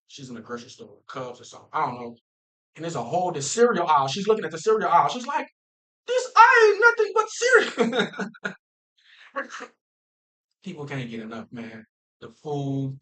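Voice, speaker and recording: A man from Minnesota hosting a casual football talk stream, animated and playful, laughing often and using slang. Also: mid-range voice, low-quality recording. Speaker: football talk show host. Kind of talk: casual livestream chat.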